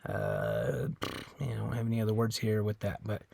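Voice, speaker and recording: A man teaching in a casual, informal way, repeating words slowly and often correcting himself. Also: fairly low pitch, wildly swooping pitch, gravelly, warm tone, a little hiss or hum. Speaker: Spanish teacher. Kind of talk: informal classroom explanation.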